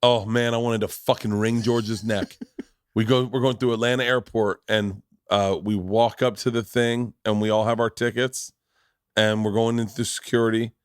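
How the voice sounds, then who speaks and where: A man's voice: fairly low pitch, moderate pace, smooth, no room sound, studio quality. A man in his forties, a podcast host, telling family stories in casual chat, swearing freely and acting out the people in them. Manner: profane, animated storyteller acting out family members.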